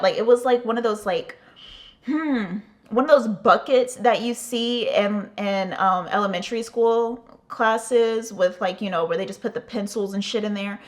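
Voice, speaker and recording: A young adult woman telling a casual storytime for her vlog, chatty and profane, with lots of "like". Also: medium pitch. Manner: profane, chatty, heavy use of "like". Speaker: vlogger.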